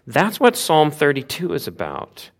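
A man preaching a sermon, retelling a Bible story with lively asides and rhetorical questions. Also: fairly high pitch, unhurried.

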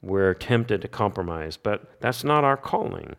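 Low-voiced man teaching from Scripture. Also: animated, a little slow, fairly bright tone. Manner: emphatic, asks rhetorical questions and answers them; repeats key phrases for emphasis. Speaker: Bible teacher. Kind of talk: expository Bible teaching.

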